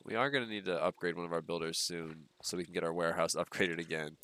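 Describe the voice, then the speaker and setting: Deep-voiced man, stuffy, casual streamer. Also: fast talker. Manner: relaxed, rambling, frequent ums and uhs. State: stuffy nose. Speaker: gaming streamer. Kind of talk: casual livestream commentary while playing.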